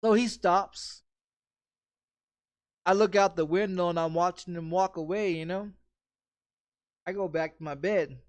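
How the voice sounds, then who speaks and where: Man, streamer, high voice, dry close sound, profane, blunt storyteller. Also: unhurried, pauses often, no room sound. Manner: profane, blunt, repeats phrases. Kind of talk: casual storytelling chat.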